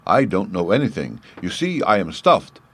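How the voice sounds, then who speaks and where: A man doing a husky, friendly scarecrow. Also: low voice, big pitch swings, normal speed. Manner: friendly and confiding. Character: friendly, gentle male scarecrow of straw.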